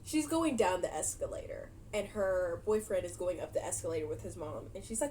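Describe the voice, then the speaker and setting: A woman's voice: on the low side, expressive, a little fast, few pauses, mellow. A young woman casually recapping a movie for her vlog, chatty and giggly, animating her retelling. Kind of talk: casual chat.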